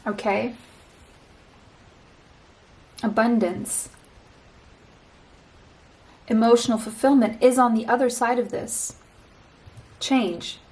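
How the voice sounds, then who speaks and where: A woman with a slightly high voice gives a pick-a-card tarot reading. She talks straight to the listener, slow and reassuring, and often circles back to repeat a phrase. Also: steady tone, a little mellow, rough recording.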